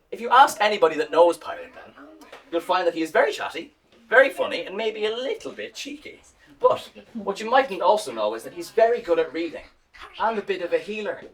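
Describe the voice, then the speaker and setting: A woman telling a story to children at a live event, warm and speaking directly to her young listeners. Her pitch rises and falls in a lively, animated way. She sounds like she is performing in a home or school. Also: recorded from a distance. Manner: warm, sing-song, directly addressing children.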